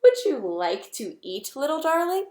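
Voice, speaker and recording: A woman's voice: high-pitched, unhurried, echoey room, voice pushed up. Woman voicing a polite formal robot. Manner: careful, even, formal. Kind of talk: storybook read-aloud.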